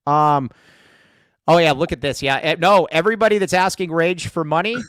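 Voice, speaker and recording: A man's voice: on the high side, steady tone, moderate pace, a bit bright, clear, resonant tone, no echo, studio quality. A man hosting a casual sports podcast, rambling and joking with plenty of fillers. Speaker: podcast host.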